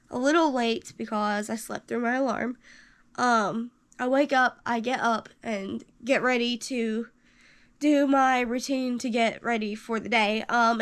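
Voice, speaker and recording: A woman's voice: fairly high pitch, a bit bright, smooth. A woman vlogger telling a personal story in a casual, chatty way, step by step, with frequent ums.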